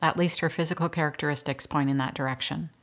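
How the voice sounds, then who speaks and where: A woman reading the lines of a tired male doctor, speaking in a grave, measured way. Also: a little high, steady tone, fairly bright tone. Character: weary male small-town doctor.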